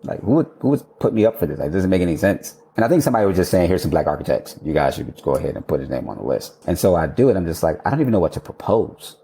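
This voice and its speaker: A man, an architect and podcast guest, telling a candid, animated story in casual conversation and now and then swearing. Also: deep voice, rapid-fire, hardly any pauses.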